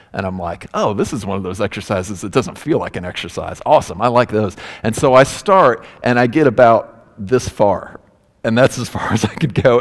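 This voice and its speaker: A man, a pastor, giving a sermon and telling a personal story, acting out the voices of the people in it. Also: mid-range voice. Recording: hall reverb.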